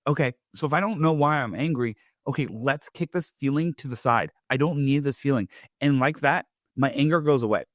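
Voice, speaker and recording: A man in a middle register hosts his own podcast in a relaxed, rambling monologue. He keeps dropping "like" and "right?" as he goes. The recording is dry, with no room echo. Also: medium pitch, brisk. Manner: loose, chatty, leans on "like" and "right?". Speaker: podcast host. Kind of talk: casual motivational monologue.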